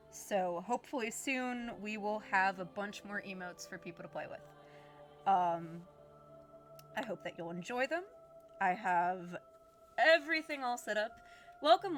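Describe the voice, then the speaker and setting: A woman's voice: medium pitch, a bit bright. Chatty lady streamer laughing and filling chat in on the game, middle voice. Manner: chatty, laughs often, explains the game to viewers. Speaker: streamer host. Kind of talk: casual live-stream chat while gaming.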